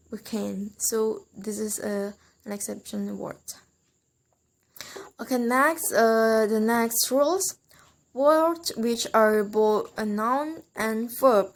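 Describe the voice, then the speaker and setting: A young woman, a student explaining English word stress rules, hesitant, with many fillers and restarts, repeating example words. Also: a little high. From Indonesia. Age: young adult. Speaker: student presenter.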